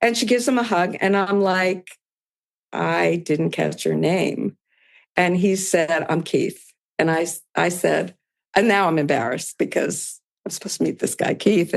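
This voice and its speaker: Older woman, podcast guest, fry in the voice, chatty storytelling, plays out both sides of dialogue. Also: mid-range voice, measured pace. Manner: lively retelling, voicing both sides of past dialogue with small laughs. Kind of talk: storytelling in casual conversation.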